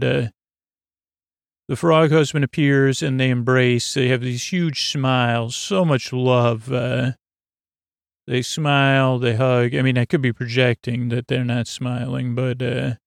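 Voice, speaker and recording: A man casually recapping a TV episode on his own, rambling and halting with many fillers and restarts. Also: medium pitch, vocal fry, dry recording, studio quality. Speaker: podcast host recapping a TV episode.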